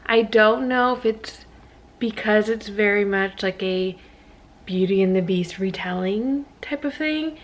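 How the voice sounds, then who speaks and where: A tired woman chatting casually to camera in a vlog, gushing and rambling with fillers and soft whispered asides. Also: mid-range voice, unhurried. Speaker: vlogger.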